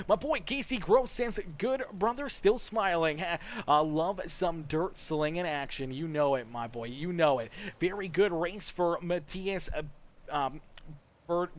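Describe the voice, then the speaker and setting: A man giving play-by-play commentary on a sim racing livestream, rattling off driver names and rising to excited shouts when cars make contact. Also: fairly high pitch. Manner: rapid-fire, rises to excited shouts on action.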